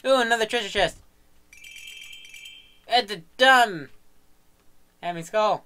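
A young man commentating a game he is playing, yelling in sudden bursts and muttering quietly in between, swearing and joking. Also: sits high, a little slow, long pauses. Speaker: gaming commentator. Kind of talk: let's play commentary.

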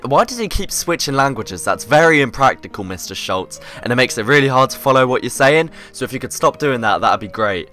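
A man's voice: medium pitch, animated, fairly quick, hardly any pauses, sharp tone, soft background music. A man giving upbeat, joking commentary while playing a game. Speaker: YouTuber. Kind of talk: casual gameplay commentary.

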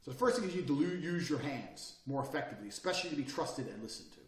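A man's voice: a little high, lively intonation, very fast, a little hiss or hum. Brash swearing man lecturing in a roomy space. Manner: blunt, brash and forceful, swearing freely. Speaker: course instructor. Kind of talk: profane motivational lecture. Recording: roomy sound, mic at a distance.

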